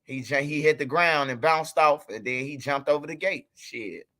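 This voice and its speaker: Telling a story to his chat, this livestream host keeps the commentary casual and profane. He speaks at a moderate pace in a sharp, slightly high voice.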